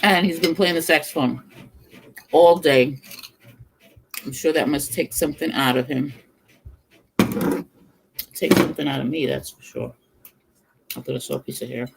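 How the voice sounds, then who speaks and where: Chatty middle-aged vlogger with vocal fry. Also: medium pitch, normal speed, long pauses, noisy background. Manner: chatty storyteller, laughs often; talks between bites, murmurs over food. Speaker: cooking vlogger. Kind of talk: casual chat while eating on a livestream.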